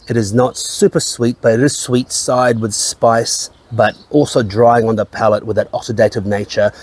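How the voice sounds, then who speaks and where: A man's voice: mid-range voice, darkish tone. A man reviewing whisky in a casual chat, rambling, repeating his phrases and swearing now and then. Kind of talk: casual tasting-note chat.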